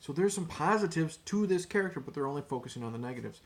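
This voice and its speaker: A man's voice: a little high, animated, fast talker. A man ranting casually to camera as a vlogger, rambling, cursing and repeating his words. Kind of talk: casual opinion rant to camera.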